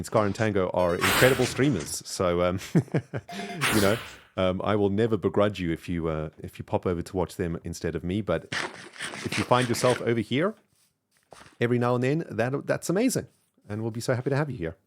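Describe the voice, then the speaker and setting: Streamer, male, low voice, South African accent softened by British, chatty and rambling. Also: a little fast, background noise. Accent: mixed South African and British English. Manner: chatty, thanks viewers warmly, rambling with fillers. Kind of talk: casual live-stream chat while gaming.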